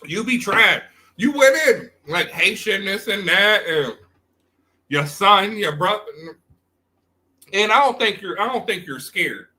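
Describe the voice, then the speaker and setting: A man's voice: high-pitched, animated, measured pace, pauses often, sharp tone. A man hosting a livestream, giving blunt, profanity-heavy trash talk and rambling commentary that circles back on itself. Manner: rambling, repeats himself. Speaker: livestream host. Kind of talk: unscripted stream commentary.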